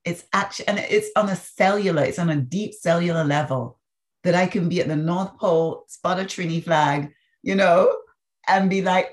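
A woman from the Caribbean, a podcast guest telling stories in an animated, expressive way. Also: fairly low pitch, normal speed. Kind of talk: storytelling in a conversational interview.

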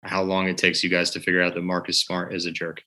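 A very deep-voiced man co-hosting a casual sports podcast. He teases the others and laughs at his own jokes, and his voice has a bright edge. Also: monotone, fast. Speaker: podcast co-host.

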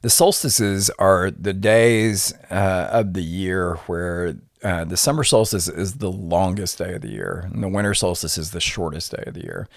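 A middle-aged man, a podcast guest, explaining things in an unhurried, lecturing way with many filler words. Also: low-pitched, creaky, no echo, clean studio sound. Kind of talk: conversational explaining.

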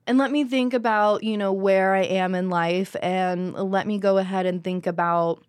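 A woman of middling pitch tells her own story frankly, swearing freely and slipping into the voices of people she quotes. Her sound is dry and close. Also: steady tone, moderate pace, clean tone, no echo. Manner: frank, profane, acts out other voices. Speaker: podcast guest. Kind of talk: candid personal storytelling.

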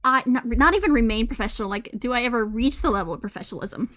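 A woman's voice: a little high, lively intonation, fast talker, fairly bright tone. A woman with a Southern US accent, co-hosting a casual movie podcast in a rambling, gushing, giggly way. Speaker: podcast co-host.

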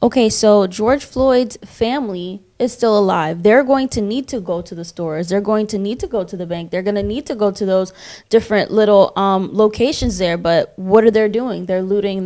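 A woman speaks at an ordinary middle pitch in a relaxed group conversation. She tells her story with lively animation and slips into the voices of the people she describes. It is the unpolished sound of casual talk. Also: moderate pace. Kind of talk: casual discussion.

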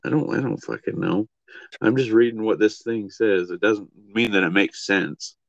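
A man with a fairly low voice co-hosts a laid-back podcast chat. He talks bluntly and swears freely, often trailing off with "I don't know." The sound is a little dull and lo-fi, close and dry. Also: moderate pace, gravelly, no echo. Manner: blunt and profane, with a lot of hedging. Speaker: podcast co-host. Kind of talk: casual chat.

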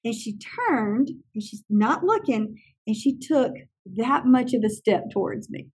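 A woman who trains teachers, telling animated stories in an interview and acting out other people's lines. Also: fairly high pitch, a little slow, breathy edge. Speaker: teacher trainer and classroom consultant. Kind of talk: conversational interview storytelling.

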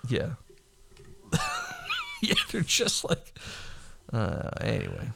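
A man's voice: fairly low pitch, wildly swooping pitch, vocal fry, a bit bright, husky. Laughing man recapping films casually. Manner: laughing, profane movie retelling with quick impressions. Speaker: podcast co-host. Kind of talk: casual chat.

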